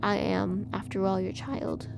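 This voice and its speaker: A woman's voice: mid-range voice, monotone, a little slow, gravelly, noisy background. A woman voicing a male artificial child creature who talks in a pained, pleading way to the one who raised him.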